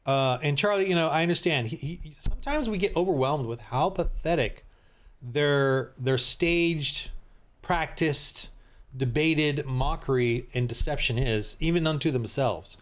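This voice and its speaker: A middle-aged man reacts to a clip in a heated, rambling rant and keeps breaking off and restarting. His voice sits slightly high for a man. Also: measured pace. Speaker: Christian commentator. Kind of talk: ranting reaction commentary.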